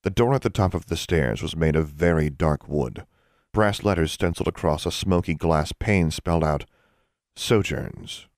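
Male audiobook narrator, very low voice, even and measured, dry booth sound. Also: no echo. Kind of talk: scripted narration.

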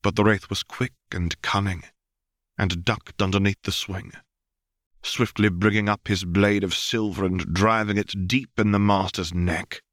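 A man narrates a story in a low, deep voice, steady and even. The recording is close and dry, with no room sound. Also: measured pace, no echo. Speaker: audiobook reader. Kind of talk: fanfiction audiobook narration.

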